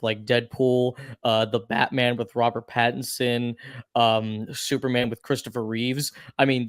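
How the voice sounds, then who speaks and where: A man's voice: mid-range voice, dry recording, clean studio sound. A man on a film review panel, talking chattily with lots of fillers and personal stories. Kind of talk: casual film review chat.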